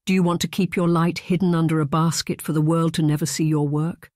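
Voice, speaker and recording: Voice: mid-range voice, level tone, a little fast, darkish tone, no echo, clean studio sound, natural voice. An audiobook narrator voicing a firm, worldly lady mentor who speaks earnestly.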